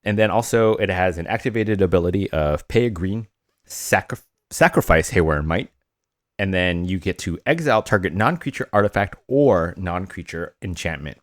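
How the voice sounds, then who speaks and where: Low-voiced, lively, hesitant man. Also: normal speed, no echo, studio quality. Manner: hesitant, fillers and restarts, giggly. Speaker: podcast co-host. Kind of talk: casual podcast chat.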